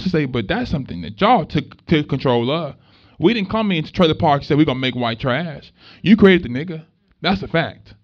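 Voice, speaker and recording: At a market event space, a young adult man who is a minister and activist speaker tells lively, conversational stories to an audience, acting out other people's voices in dialogue. His voice is a little high and a little fast, and the dull, lo-fi recording muffles the top end.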